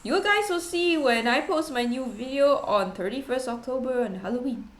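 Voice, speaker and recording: A woman's voice: high-pitched, lively intonation, normal speed. Giggly young woman chatting in an echoey room. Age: young adult. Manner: rambling, giggly, self-deprecating. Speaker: VTuber streamer. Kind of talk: casual chat. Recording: roomy echo.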